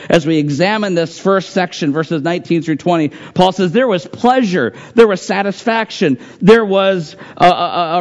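A man's voice: on the high side, highs cut off. A man preaching a sermon, reading scripture aloud and repeating phrases for emphasis in an earnest pulpit manner. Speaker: pastor.

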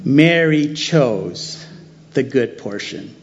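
A man's voice: medium pitch, animated, very slow, creaky, lo-fi sound. A man preaching a sermon, who repeats key phrases for emphasis. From United States.

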